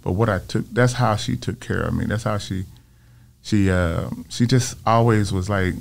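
A gravelly, fairly low-pitched voice at a moderate pace belongs to a man in his fifties, a filmmaker guest on an interview show. He tells personal stories in a casual, animated style, acting out the voices of those he quotes.

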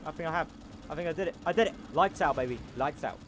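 A man commenting on a war game he plays, loud and goofy, repeating battle cries. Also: on the high side, quick pace. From not American. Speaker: gameplay commentator. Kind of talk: casual gameplay commentary. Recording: noisy with game gunfire behind. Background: game gunfire and engine noise.

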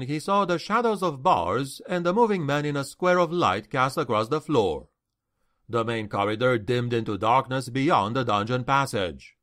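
Here a man voices a fantasy book for an audiobook, narrating with expressive flair. His voice falls in the middle range.

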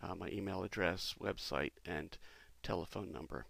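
Low gravelly guy walking you through his demo, relaxed, lots of ums, dry close sound. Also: moderate pace, no echo. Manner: relaxed, explanatory, with frequent ums and uhs. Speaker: company president. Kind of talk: casual product demo walkthrough.

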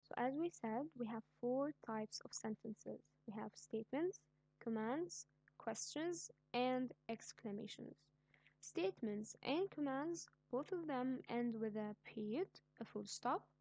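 A woman teaching an online grammar lesson, speaking slowly and clearly and repeating each example sentence. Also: fairly high pitch, animated, mellow, dry recording. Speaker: English teacher.

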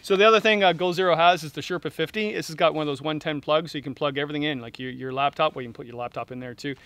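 A man's voice: a little high, very fast, slight background noise. Joking Canadian man reviewing camping gear. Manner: jokey, deadpan asides, many fillers. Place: outdoors at a campsite.

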